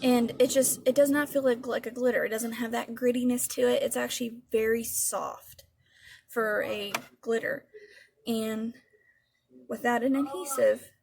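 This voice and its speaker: Chatty woman with a gravelly voice. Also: fairly high pitch, fairly even intonation, measured pace, darkish tone. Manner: chatty, rambling, swears casually. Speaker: beauty vlogger. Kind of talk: casual product review.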